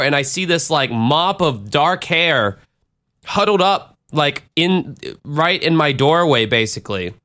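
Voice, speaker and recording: A man's voice: on the high side, fairly bright tone. A man hosting a podcast, telling a profane, rambling story in a self-deprecating way. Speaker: podcast host and DJ. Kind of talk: casual storytelling.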